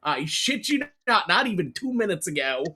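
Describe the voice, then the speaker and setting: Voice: mid-range voice, very animated, normal speed, bright, forceful tone, breathy edge. A podcast host asking a guest questions in a casual, enthusiastic way, swearing freely. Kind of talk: casual interview.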